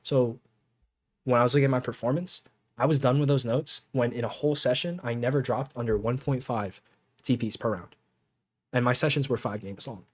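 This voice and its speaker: A man's voice: mid-range voice, fairly quick. A man coaching in a casual talk over gameplay footage, laid-back, chuckling often and swearing now and then. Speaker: game coach.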